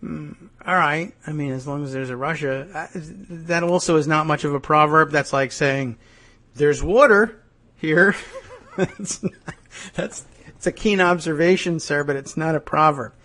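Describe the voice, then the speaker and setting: A man's voice: fairly high pitch, fairly even intonation, normal speed, pushed and bright. A man hosting a podcast, musing wryly through political commentary with frequent hesitations and dry asides. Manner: wry, musing, sardonic with frequent "uh" and "I guess". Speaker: podcast host.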